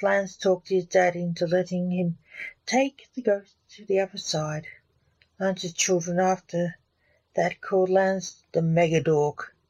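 A woman's voice: on the low side, a little mellow, dry recording. A woman reading a comic story aloud as its storyteller.

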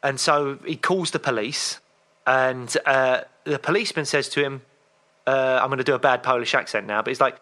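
Chatty man with a bright voice. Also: mid-range voice, normal speed. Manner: chatty storyteller, animated. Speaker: podcast co-host. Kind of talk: casual chat.

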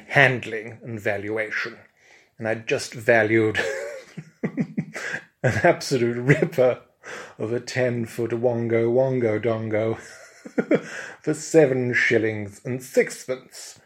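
A man's voice: medium pitch, fairly bright tone. A man improvising a comic tale in a pompous, plummy, mock-grand manner, chuckling through his lines. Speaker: comic storyteller.

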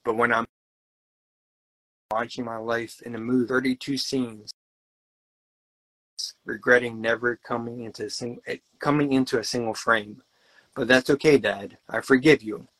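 A man's voice: mid-range voice, fairly even intonation, a bit bright, dry recording, poor audio. Man reciting heartfelt spoken word poetry. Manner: slow, heartfelt delivery with stumbles and restarts. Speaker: poet guest.

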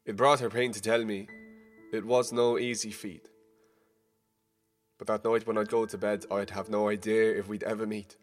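A young man narrating a rhyming spoken-word story, casual and profane, moving between hushed and heated. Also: on the low side, level tone, moderate pace, long pauses, faint music behind. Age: young adult.

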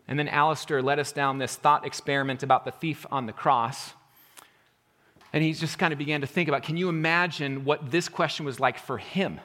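A male pastor preaching a sermon earnestly, rising to emphatic points and then dropping to a quiet intensity. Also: fairly high pitch, expressive, moderate pace.

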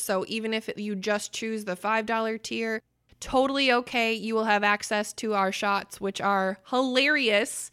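A young adult woman co-hosting a casual podcast, telling stories with swearing and bursts of loud laughter. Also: mid-range voice, clean tone. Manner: swearing, storytelling, laughs loudly. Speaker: podcast co-host. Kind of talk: casual chat.

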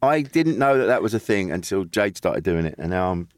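A man's voice: low-pitched, expressive, fairly quick, dry recording, clean studio sound. A man hosting a podcast in casual chat, chatty and swearing freely, with many restarts. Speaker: podcast host.

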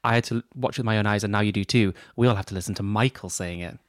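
A man's voice: on the low side, fast talker. A man co-hosting a podcast, chatting casually and tossing in dry, wry quips. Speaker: podcast co-host. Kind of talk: casual comic banter.

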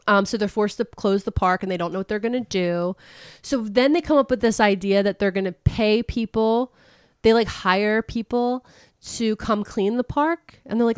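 A woman recounting a book's plot in loose, casual chat, with lots of "like" and "um". Her voice is at a middling pitch and comes across dry and close, with no room echo. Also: moderate pace, clear, resonant tone. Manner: chatty, with many fillers, laughing and swearing. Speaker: podcast host. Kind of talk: casual book recap chat.

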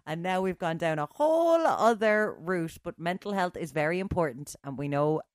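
A woman, a radio co-host chatting casually, lively, teasing and self-mocking. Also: on the low side, normal speed, no echo, studio quality. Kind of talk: casual chat.

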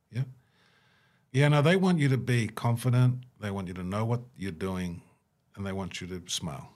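Speaking at normal speed in a darkish tone, this humanitarian worker is a guest in an interview, reflecting on what he does. His manner is earnest, and he performs snippets of dialogue with a rising pitch.

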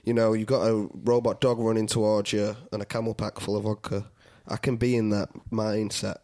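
A man's voice: lowish voice, fairly quick. A man, co-hosting a comedy podcast and telling stories in casual chat, laughing often. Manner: laughing, animated storyteller.

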